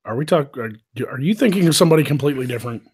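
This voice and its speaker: A man's voice: on the high side, lively intonation, racing, a little mellow, a little hiss or hum. A man hosting a live stream, telling stories loosely with lots of swearing and laughter. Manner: loose, profane storytelling with frequent laughs. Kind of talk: casual chat.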